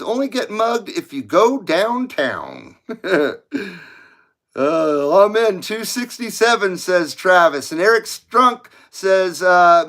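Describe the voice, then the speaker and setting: A man chats loosely on a live stream, reading viewer comments aloud and laughing along. His voice sits a bit high for a man and swings widely in pitch. The talk meanders from one remark to the next. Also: sharp tone. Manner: rambling, laughs often, reads comments aloud. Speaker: livestream host reading viewer chat. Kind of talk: casual chat.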